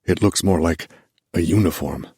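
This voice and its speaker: A man voicing a hushed, shaken young musician. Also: low voice, moderate pace, breathy edge, dry recording, studio quality. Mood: uneasy.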